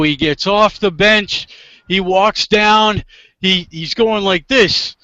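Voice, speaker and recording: A man, a divorce attorney and guest, telling a funny story casually and acting out the quotes loudly. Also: sits high, takes it slowly, no echo, dull audio. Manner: animated, acts out quotes loudly.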